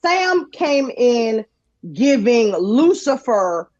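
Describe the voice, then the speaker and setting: A high-voiced woman spins a story with big swings in pitch, laughing and acting out every quote. The sound is dry and a little dull, with no room around her. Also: drawn-out words, dry recording. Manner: lively, laughing, acts out quotes in shifting voices. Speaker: podcast guest, actress. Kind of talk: animated storytelling.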